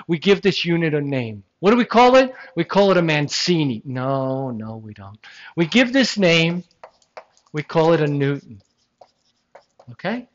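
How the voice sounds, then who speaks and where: A science lecturer teaches a classroom full of students in an animated, emphatic way. The lecturer poses rhetorical questions and slips in jokes. The recording is dull and lo-fi, as if taped in the lecture room. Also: medium pitch.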